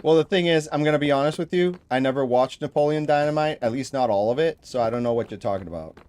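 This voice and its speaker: A man's voice: medium pitch, fast, darkish tone, clear, resonant tone. A man from New England chatting frankly and easily on a gaming livestream. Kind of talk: casual chat.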